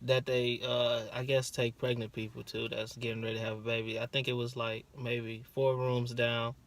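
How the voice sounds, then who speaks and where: A young man co-hosting a casual chat, recounting the birth in a laid-back, slangy way, pausing and hedging with fillers as he goes. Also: medium pitch, flat delivery. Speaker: co-host, her partner.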